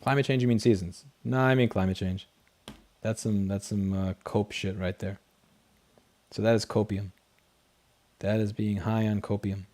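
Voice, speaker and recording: Man, livestream host, slightly low voice, blunt, profane, rambling, desk mic. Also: steady tone, normal speed, long pauses, a little mellow. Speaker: livestream host reading chat. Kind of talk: casual late-night livestream chat. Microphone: desk microphone.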